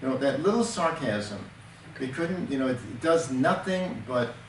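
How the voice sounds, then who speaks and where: A man's voice: medium pitch, animated, normal speed. An older man, a counselor, giving an earnest teaching talk and explaining with everyday examples, often restarting his sentences. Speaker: temperament counselor. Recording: echoey room, distant mic, faint noise.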